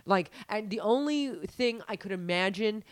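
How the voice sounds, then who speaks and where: A young woman tells a story in loose, casual chat. She is animated and profane and keeps reaching for fillers. Her voice sits mid-pitch and sounds dry and close. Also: moderate pace, dry recording.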